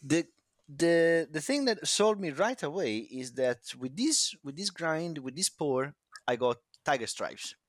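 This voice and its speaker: A man co-hosting a casual podcast chat, teasing and measured in how he speaks. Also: fairly high pitch, lively intonation, dry recording, studio quality. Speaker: podcast co-host.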